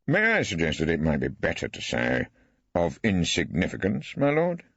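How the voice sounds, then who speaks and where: An actor playing an elderly barrister in an audiobook, questioning with arch, ironic politeness. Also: male voice, deep voice, wildly swooping pitch, normal speed, fairly bright tone, no echo, exaggerated voice. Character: wry elderly male barrister, mock-polite. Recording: dry, slightly dull studio.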